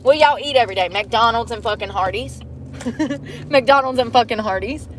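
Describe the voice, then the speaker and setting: A woman's voice: a little high, normal speed, a bit bright, a little hiss or hum. A young woman vlogging from inside a car, rambling and complaining in a blunt, heavily profane way. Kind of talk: casual rambling monologue.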